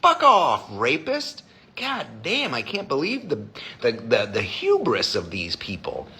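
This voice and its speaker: Animated, bright-voiced, profane male streamer. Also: medium pitch, measured pace, slight background noise. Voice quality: profane, blunt and emphatic. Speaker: designer hosting a live stream. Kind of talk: casual live-stream chat with viewers.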